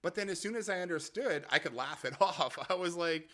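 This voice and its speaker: A man hosting a casual explainer, chatty and quick to laugh, often repeating himself as he tells a story. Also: on the high side, expressive, fairly bright tone. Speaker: app creator and host.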